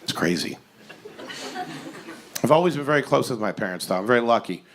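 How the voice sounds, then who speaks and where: A man in his forties performing a stand-up comedy set on stage, with an animated, incredulous, ranting delivery. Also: medium pitch, fairly quick, a little hiss or hum. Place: comedy stage before a live audience.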